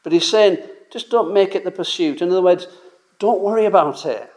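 A man's voice: sits high, brisk, a little mellow. A man preaching a sermon in a conversational, emphatic way, full of rhetorical questions and casual asides.

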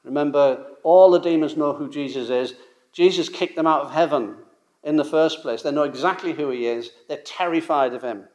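A man's voice: a little high, moderate pace, darkish tone. A man preaching an expository sermon. He talks emphatically, repeats his points and asks rhetorical questions.

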